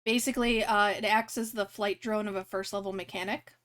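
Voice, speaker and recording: Rambling young woman game master, easygoing, mid-pitched. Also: steady tone, a little fast, a bit bright. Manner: rambling, many fillers and restarts. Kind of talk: narrating a tabletop game on a live stream.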